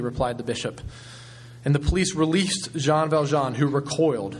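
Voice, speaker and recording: A man preaching a sermon as pastor, retelling a story in a measured way with frequent ums. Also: a little high, slightly rough.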